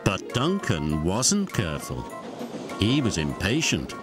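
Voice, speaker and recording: Expressive British storybook narrator over music. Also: male voice, deep voice, slow pace. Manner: expressive, does all the voices.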